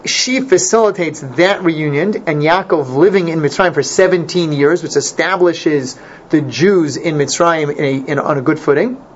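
A man teaching an informal Torah class, animated and repeating his points for emphasis. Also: fairly high pitch. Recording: dull lo-fi recording, faint noise.

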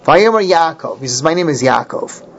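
A man's voice: on the high side, animated, normal speed, vocal fry. Man teaching Torah verses, lo-fi. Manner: explains Hebrew verses line by line, with restarts. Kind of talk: Torah class lecture. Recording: dull lo-fi recording.

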